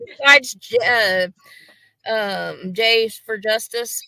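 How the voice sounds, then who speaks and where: A woman's voice: fairly high pitch, slow, creaky, pushed and bright, no room sound, rough recording. A woman on a livestream, chatting in a blunt, profane, mocking way. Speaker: guest on a livestream. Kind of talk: casual gossip chat on a livestream.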